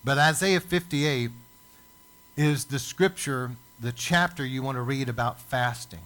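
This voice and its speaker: A male pastor preaching a sermon, building emphasis with dramatic pauses. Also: medium pitch, a bit bright. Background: church service.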